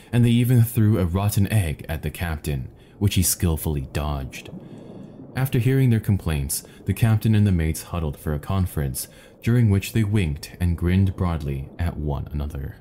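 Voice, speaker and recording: Male storyteller, deep and mellow, deliberate reading pace. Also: animated, slight background noise. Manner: measured, deliberate. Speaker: narrator. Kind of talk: scripted narration of a fable.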